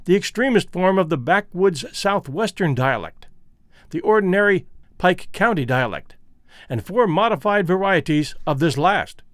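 A man with a Midwestern accent hosting a story podcast, giving a measured, explanatory introduction and reading aloud. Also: high voice, dry recording, studio quality. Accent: Midwestern American. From American Midwest. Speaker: podcast host and reader.

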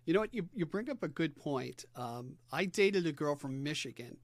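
A man with a New York accent hosts a podcast interview, easygoing and conversational. His pitch runs a little high for a man. The recording is close and dry. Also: lively intonation, moderate pace, no room sound. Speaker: podcast host, salesman. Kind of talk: casual interview chat.

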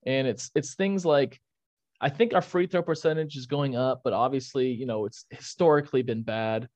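A man's voice: medium pitch, moderate pace, a little mellow, no echo. Fired-up young man ranting about his team. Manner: ranting, fired up, restarts sentences. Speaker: podcast co-host. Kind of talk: casual sports chat.

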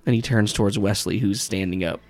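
A man's voice: on the low side, steady tone, a little fast, darkish tone. A man narrating as game master in a tabletop game, rambling with lots of fillers and swearing.

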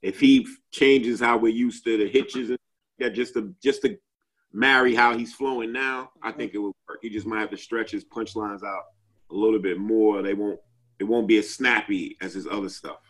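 Husky low-voiced man rambling. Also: fairly even intonation, normal speed, fairly bright tone, low-quality recording. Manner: rambling, many fillers and restarts. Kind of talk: casual group chat.

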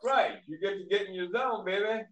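A man's voice: high-pitched, brisk, fairly bright tone, poor audio. A man co-hosting a podcast, laid-back, dropping short encouraging replies and easy quips. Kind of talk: casual podcast chat.

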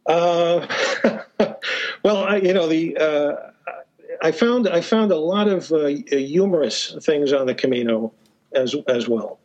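A man with a slightly high voice tells stories in a casual interview. He hesitates often, restarts his sentences and fills gaps with "uh", and chuckles now and then. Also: takes it slowly, a little mellow, highs cut off. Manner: hesitant, many fillers and restarts; chuckles while telling stories. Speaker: podcast guest, author.

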